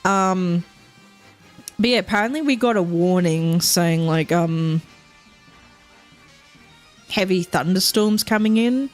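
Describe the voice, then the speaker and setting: A woman's voice: lowish voice, slow, pauses often, soft background music. A woman streamer chatting casually while playing a game at home, rambling, swearing often and laughing a lot.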